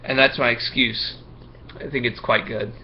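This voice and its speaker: A man's voice: mid-range voice, fairly even intonation, moderate pace, muffled recording, slight background noise, lightly acted. A man voicing a nervous young schoolboy who stammers and hesitates while reading a picture book aloud.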